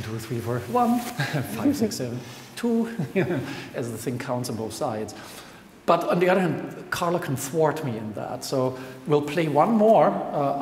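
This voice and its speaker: A chatty man speaks to a live audience from a lecture hall, often laughing and counting aloud as he explains. His voice rings through the room's long reverb, with a faint hiss underneath. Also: medium pitch. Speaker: scientist presenter. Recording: echoey hall with faint noise.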